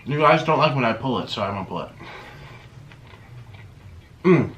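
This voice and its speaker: A man hosting a chatty eating vlog at home, talking in a theatrical sing-song way that swings from loud bursts to mumbles. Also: medium pitch, sing-song, normal speed, long pauses. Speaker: mukbang host.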